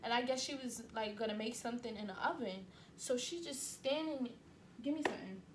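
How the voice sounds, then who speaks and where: A young woman in her twenties tells a story straight to her camera, acting out each scene as she goes. Her voice sits a little high and talks right at the viewer. A faint hiss lies under the indoor camera sound. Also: a little fast. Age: 20s. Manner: animated, acts out scenes, addresses viewers directly. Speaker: vlogger. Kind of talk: storytime vlog. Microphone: camera mic.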